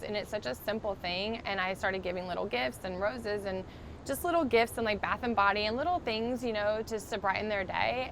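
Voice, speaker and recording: A woman's voice: mid-range voice, fairly bright tone, slight background noise. A young woman, a podcast guest in the middle of chemotherapy, telling her story in an earnest, heartfelt way, full of "um" and "like". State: undergoing chemotherapy. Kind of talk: casual interview storytelling.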